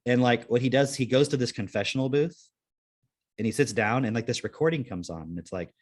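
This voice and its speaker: Man, podcast host, casual chat, rambling, swears, mid-pitched voice. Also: brisk. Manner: rambling, laid-back, swears freely, many fillers.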